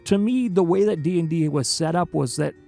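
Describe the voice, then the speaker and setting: Male host for a casual stream chat. Gravelly mid-pitched voice, animated and quick to laugh, with faint music in the background. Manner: animated storyteller, laughs often. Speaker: interview host.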